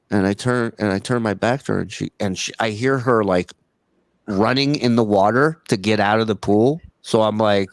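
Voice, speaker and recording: A man from Alabama co-hosting a podcast, telling a story in casual, animated chat and swearing freely as he acts out what people said. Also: lowish voice, moderate pace, no room sound. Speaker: podcast co-host.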